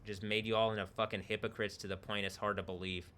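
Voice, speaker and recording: A man's voice: lowish voice, flat delivery, fast, sharp tone, slight background noise. A man streaming alone, talking in a rambling, profane way and laughing between remarks. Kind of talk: rambling solo livestream talk. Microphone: computer microphone.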